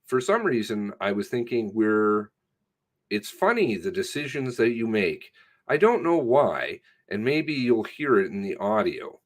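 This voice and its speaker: A man, a police sergeant, recounts an incident in a recorded statement, stumbling and swearing as he goes. His pitch swings up and down with feeling. He speaks at an unhurried, drawn-out pace. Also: big pitch swings. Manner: halting, profane, self-correcting retelling.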